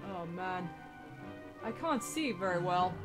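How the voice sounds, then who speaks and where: A woman giving casual, excitable commentary while playing a video game, swearing and shrieking at what happens on screen. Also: on the low side, slow. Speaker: let's play gamer. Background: game music.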